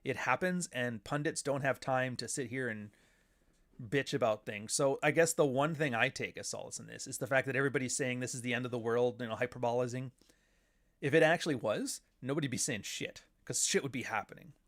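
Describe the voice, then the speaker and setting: A man's voice: mid-range voice, fairly quick, fairly bright tone. A middle-aged man from Canada hosting a casual livestream, talking in a profane, sardonic and rambling way. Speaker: show host.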